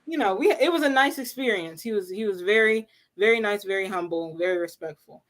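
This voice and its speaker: A woman hosting a casual livestream, telling a story in an animated, laughing way and acting out what people said. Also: medium pitch, fairly quick. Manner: animated, laughing storyteller who acts out quotes. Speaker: livestream host.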